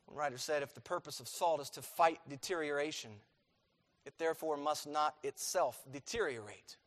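A middle-aged male pastor preaching a sermon in a church, emphatic, repeating key phrases and swinging between loud and quiet. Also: a little high, normal speed. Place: church sanctuary. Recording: long hall reverb.

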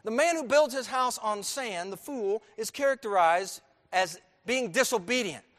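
In a large church sanctuary, a male pastor preaches an emphatic sermon at a moderate pace. His voice sits high with a fairly bright tone, and he asks the congregation questions, letting them call out answers.

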